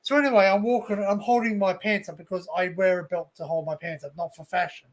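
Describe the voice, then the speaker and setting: An Australian man with a notably high speaking voice tells rambling stories full of asides in a loose, unscripted chat he hosts. He talks into a desktop mic on a streamed call. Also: fairly even intonation, fast. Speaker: live stream host. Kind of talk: casual group chat. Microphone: desktop USB mic on a stream call.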